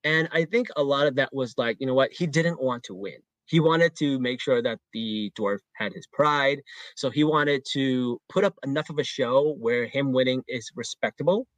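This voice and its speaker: A man co-hosting a podcast, talking in an enthusiastic, slangy way with plenty of fillers. His voice sits at a middle pitch, and the sound is dry and close. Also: normal speed, no echo, poor audio. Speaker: podcast co-host. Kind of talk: casual chat.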